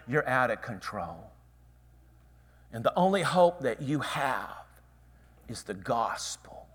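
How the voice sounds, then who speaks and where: Male preacher, sermon delivery, slow and bright-toned, dramatic hush-to-shout swings. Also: fairly high pitch. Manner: dramatic swings from hushed whispers to loud cries.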